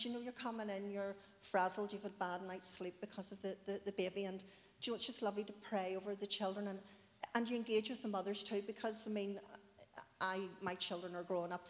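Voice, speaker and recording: A woman in her forties giving a heartfelt, chatty personal testimony in church, with many asides. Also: mid-range voice. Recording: long hall reverb.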